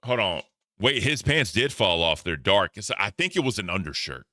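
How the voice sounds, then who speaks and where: A man's voice: lowish voice, sing-song, normal speed, bright, forceful tone, no echo, clean studio sound. A man reacting to clips for his stream chat in casual, profane commentary. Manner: profane, laughing, talks to chat.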